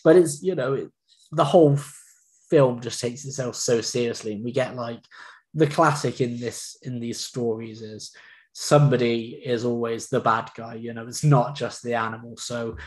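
Man, co-host, relaxed and hedging, recapping a film. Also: medium pitch, normal speed. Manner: hedging, easygoing, many fillers. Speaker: podcast co-host. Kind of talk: casual film chat.

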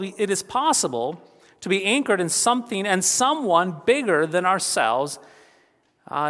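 Guy giving a funeral sermon, earnest, keeps repeating the big lines, kinda high voice, long echo off the hall. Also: fairly bright tone. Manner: earnest, repeats key phrases for emphasis. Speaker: pastor.

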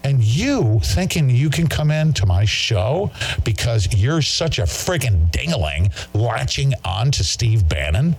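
A man's voice: mid-range voice, sing-song, a little slow, creaky, breathy edge. A man hosting a talk show, ranting in an agitated way and mocking his critics. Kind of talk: heated monologue.

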